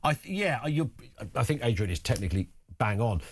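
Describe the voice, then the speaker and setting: A man's voice: mid-range voice, lively intonation, fairly quick, slightly rough. A man hosting a talk radio phone-in, chatty and wry, full of asides to callers and listeners.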